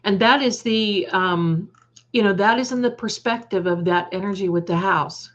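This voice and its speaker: A woman hosting a psychic livestream, chatting with viewers, trailing off and restarting, and slowly reading out lists of words. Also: mid-range voice, lo-fi sound. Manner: reads out word lists slowly.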